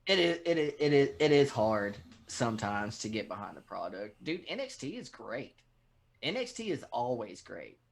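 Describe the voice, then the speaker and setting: Texan man, podcast co-host, loose profane chat, ordinary pitch. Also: moderate pace, gravelly. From Texas. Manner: profane, animated rants. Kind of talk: casual chat.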